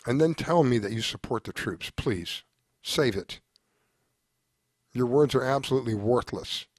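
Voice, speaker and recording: A man's voice: mid-range voice, expressive, measured pace, dry recording, clean studio sound. A man hosting a talk show, delivering an exasperated, emphatic commentary monologue with lots of repetition. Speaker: show host.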